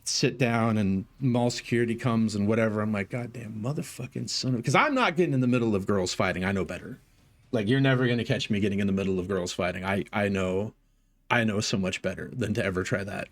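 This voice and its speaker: Profane rambling male streamer telling stories. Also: mid-range voice. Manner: profane, rambling, animated in retelling. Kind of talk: casual storytelling chat.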